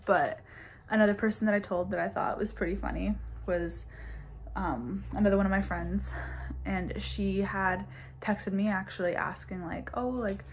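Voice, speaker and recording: A woman in her twenties casually telling a personal story to her camera, peppering it with "like" and quick laughs. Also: medium pitch, fairly even intonation. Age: 20s. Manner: chatty, says "like" constantly, laughs between bits. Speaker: vlogger.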